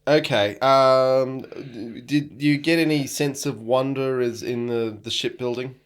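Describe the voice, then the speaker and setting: A man's voice: medium pitch, a little slow, smooth. An Australian man co-hosting a casual book podcast. He talks thoughtfully, with hesitations and frequent ums. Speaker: podcast co-host. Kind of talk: casual book-club chat.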